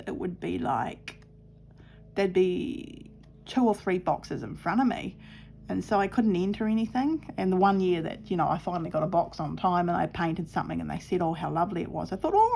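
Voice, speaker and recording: A woman's voice: on the low side, lively intonation, normal speed, vocal fry, a little mellow, a little hiss or hum. A middle-aged woman chatting cheerfully while sewing at her craft table, telling stories and laughing often. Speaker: craft vlogger.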